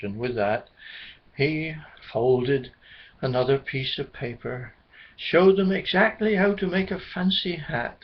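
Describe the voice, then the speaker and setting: A man telling a children's story in a gentle, chuckling storybook manner. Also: a little high. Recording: dull lo-fi recording.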